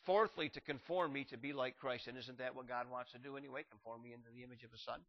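A man's voice: steady tone, fast. Male pastor, sermon delivery, reads scripture, builds to emphatic peaks, dull recording. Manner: rises in pitch and volume to drive points home; reads scripture aloud in King James wording. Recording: muffled lo-fi recording.

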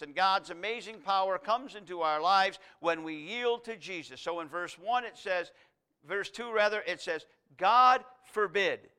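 High, bright-voiced preacher in full sermon. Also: male voice, measured pace, clear, resonant tone. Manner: swings between loud emphatic proclamation and quiet intimate asides.

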